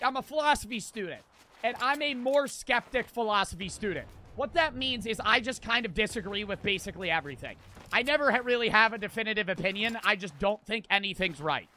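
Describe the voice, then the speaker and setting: A man's voice: high-pitched, big pitch swings, brisk, bright, forceful tone. A man in his twenties streaming a game, telling a rambling story between profane trash talk. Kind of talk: casual storytelling while gaming.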